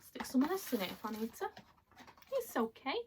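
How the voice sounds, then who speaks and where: A woman chatting casually as she unboxes items at home, excitable and quick to laugh. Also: on the high side, slight background noise. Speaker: vlogger. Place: at home, in a bedroom.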